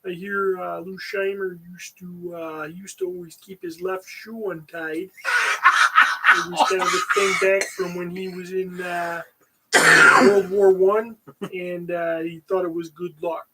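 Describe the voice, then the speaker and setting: A man's voice: high-pitched, steady tone, a little slow, heavy background noise. Joking male podcast co-host. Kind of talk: casual chat.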